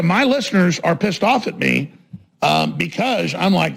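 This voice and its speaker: Man, talk radio host, high-pitched, gravelly, combative rant, repetitive emphasis, shouty. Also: very animated, unhurried. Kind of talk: ranting political monologue.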